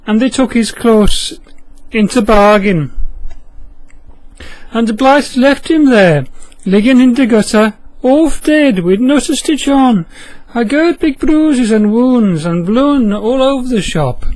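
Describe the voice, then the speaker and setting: A man's voice: high voice, a little mellow, dry recording, low-quality recording. Jesus as a homely Yorkshire man, told by a man. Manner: homely, calls people lad.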